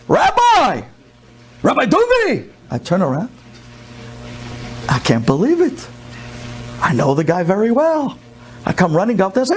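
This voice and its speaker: A man's voice: sits high, a little hiss or hum. A middle-aged man from the United States, a rabbi telling a story in a sermon and acting out the people in it. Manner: animated storyteller, acts out the people in his story.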